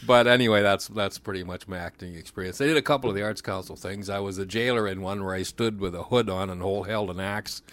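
A man's voice: low voice, quick pace, few pauses, fairly bright tone. A man, a pit band musician who plays bit parts in community theatre, telling rambling self-deprecating stories in a casual interview.

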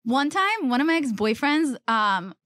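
Woman in her 30s hosting a podcast, giggly and pushy, high voice, dry sound. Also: sing-song, measured pace, fairly bright tone, no room sound. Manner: giggly, teasing, pushy with questions. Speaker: podcast host. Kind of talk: casual chat.

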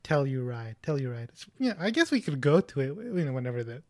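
A man's voice: a little high, very animated, fast talker. A man of about twenty hosting a podcast in casual chat, rambling and self-mocking. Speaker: podcast host.

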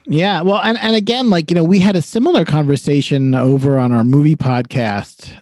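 In a dry, studio-grade recording, a male podcast co-host chats casually, rambling and restarting with lots of fillers. His voice sits on the high side with a darkish tone, and he speaks a little fast.

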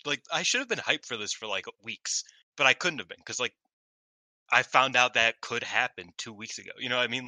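Bright-voiced man in casual chat. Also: lowish voice, no echo. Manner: animated storyteller, acts out quotes, laughs often. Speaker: podcast co-host. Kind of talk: casual chat reviewing wrestling shows.

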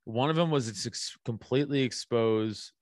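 A man's voice: medium pitch, moderate pace, darkish tone, dry recording. Man, comedian, casual podcast chat, laughs often, restarts sentences, dry sound.

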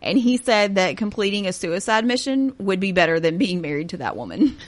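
A woman in her thirties co-hosts a casual true-crime show, reading out grim notes with sarcasm. She laughs often and keeps it chatty, in a voice of middling pitch. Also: sing-song, normal speed. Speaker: podcast host.

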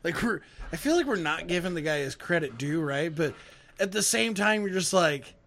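A man co-hosting a podcast, telling profane, animated stories with friends and laughing through them. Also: fairly high pitch, normal speed, vocal fry, a little hiss or hum. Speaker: podcast co-host. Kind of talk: casual storytelling chat.

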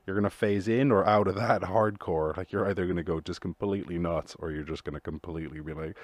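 A man's voice: sits low, steady tone, fast, few pauses, no echo. A man hosting a solo podcast, rambling through jokey, profane musings in casual chat. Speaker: podcast host.

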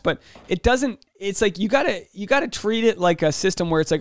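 A young man rambles through a solo podcast episode, restarting sentences and leaning on fillers. His voice sits a little high and sounds smooth and clear. The close, dry mic picks up no room at all. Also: animated, fairly quick, few pauses, no room sound. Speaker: podcast host.

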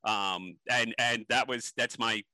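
A man's voice: mid-range voice, fairly even intonation, slow pace, bright, forceful tone, dry recording, low-quality recording. A man being interviewed, telling stories animatedly with many ums and restarts. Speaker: interview guest. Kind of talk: casual interview storytelling.

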